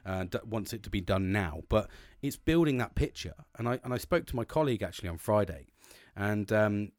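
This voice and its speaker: A man's voice: fairly low pitch, animated, a little fast, dry recording. A British man talking in a rambling, earnest monologue, swearing constantly. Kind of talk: casual monologue.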